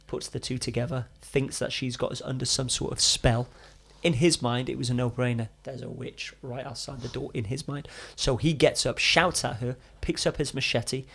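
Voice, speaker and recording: A young man, a podcast guest, telling a story in a casual, animated way with casual swearing and chatty asides. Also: medium pitch, gravelly.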